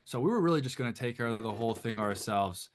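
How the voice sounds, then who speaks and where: A man's voice: medium pitch, quick pace. Rambling storyteller man from Detroit. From Detroit, USA. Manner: rambling, animated, frequent restarts. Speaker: band member guest. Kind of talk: casual storytelling anecdote.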